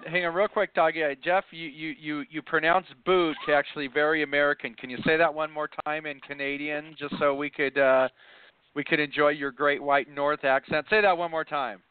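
A man with a somewhat high voice ribs his co-host in a casual hockey chat. He stumbles a little as he asks his questions. His voice comes through a tinny, phone-like line. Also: steady tone, normal speed, clean tone. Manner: teasing, hesitant. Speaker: podcast co-host. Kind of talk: casual sports talk.

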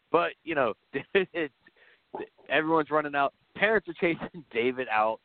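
A man on a podcast tells a movie plot in a loose, laughing way, swearing freely. His voice sits a bit high. The sound is dry and thin, like a phone line. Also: lively intonation, slow pace, pauses often, no room sound. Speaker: podcast co-host. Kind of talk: casual chat.

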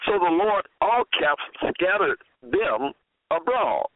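Slow, deliberate man preaching over a phone line. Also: high-pitched, sing-song, dry recording. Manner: slow, deliberate, repeats phrases. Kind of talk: sermon with scripture reading. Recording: tinny phone-line audio.

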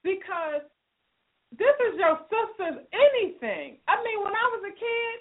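A woman's voice: very high-pitched, expressive, measured pace. A woman hosting a radio advice show, preaching and scolding with emphatic repeated phrases. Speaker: radio show host giving relationship advice. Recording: phone-like narrow sound.

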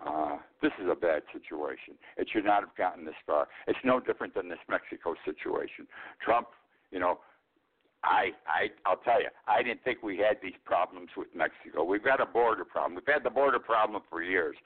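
Host in his eighties, opinionated and rambling, a low voice with a wide swing, heard over a tinny line. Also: lively intonation, fairly quick, breathy edge. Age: 80s. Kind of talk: political commentary monologue.

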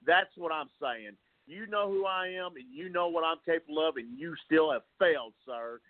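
A man's voice: on the high side, moderate pace, no echo. Male wrestling mouthpiece, taunting and scornful; phone-line sound. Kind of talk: wrestling promo trash talk. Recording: tinny phone line, dry.

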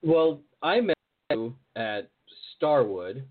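A man's voice: medium pitch, sing-song, takes it slowly. Man hosting a chat over a tinny line. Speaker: podcast host. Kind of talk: casual interview chat. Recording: phone-like narrow sound.

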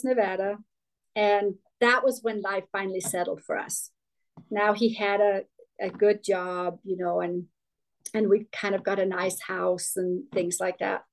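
A woman's voice: mid-range voice, a little mellow, rough recording. Candid middle-aged woman from Denmark. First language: Danish. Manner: candid, rambling with restarts and laughs. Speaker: guest. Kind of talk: storytelling interview.

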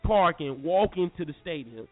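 A young man from North Carolina, animated and slangy, telling a story to listeners as a podcast host. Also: on the high side, moderate pace. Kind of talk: casual storytelling. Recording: phone-like lo-fi audio with faint music.

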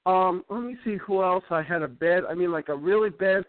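Man, high voice, rambling storyteller who stammers and repeats words, on a dry, tinny phone-quality line. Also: a little fast, no echo. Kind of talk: casual chat.

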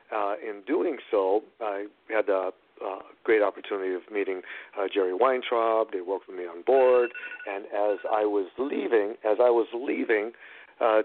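A middle-aged man, an actor and producer, retelling his story in an animated, rambling way with many restarts. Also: on the low side. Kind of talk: storytelling in a phone-in interview. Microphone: phone line. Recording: phone-line radio call-in.

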